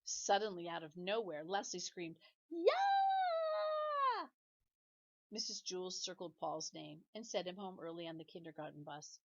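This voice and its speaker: A woman teacher reading a children's chapter book aloud with expressive storytelling. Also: lowish voice, normal speed, vocal fry, few pauses, dull audio.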